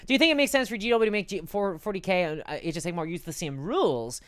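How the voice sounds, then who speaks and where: A woman's voice: fairly low pitch, animated, fairly quick, few pauses, no room sound, studio quality. A woman chatting casually on a live stream, reading out and answering chat messages, rambling and stumbling over her words.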